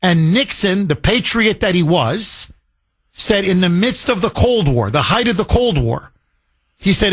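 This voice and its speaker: A man's voice: high-pitched, expressive, a little slow, fairly bright tone, dry recording. A man hosting a call-in political talk radio show, talking emphatically with repeated phrases and rambling asides.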